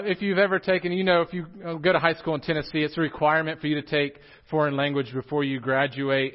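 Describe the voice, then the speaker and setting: Joking preacher, muffled sound. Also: male voice, a little high. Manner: joking, animated, talks straight to the congregation. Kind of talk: casual sermon with humor. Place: church sanctuary.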